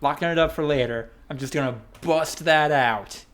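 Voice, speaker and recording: A man co-hosting a podcast, chatting casually and reading out a news segment. His delivery is upbeat and semi-scripted, and his voice is a bit higher than most men's. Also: normal speed, a bit bright. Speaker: podcast co-host.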